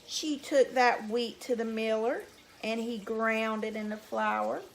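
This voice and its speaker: A teacher reading a folk tale aloud to young children, animated and drawn out. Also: female voice, a little high, slow pace, gravelly.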